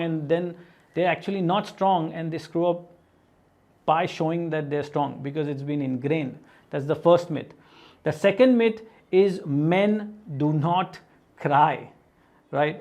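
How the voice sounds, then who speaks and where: A man with a fairly high voice talks straight to his viewers in an earnest self-help talk. He asks questions as he goes and fills his speech with "right?" and "you know". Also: normal speed, darkish tone. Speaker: motivational video host.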